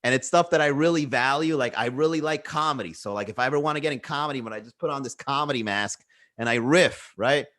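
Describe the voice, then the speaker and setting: A man's voice: medium pitch, fast, a bit bright. A man hosting a casual solo podcast from home, musing aloud in a rambling way, swearing freely and full of fillers. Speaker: podcast host. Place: indoors at home.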